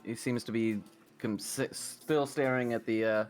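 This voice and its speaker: A man narrating a tabletop game as game master, describing scenes in a halting way with many fillers. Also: mid-range voice, steady tone, soft background music.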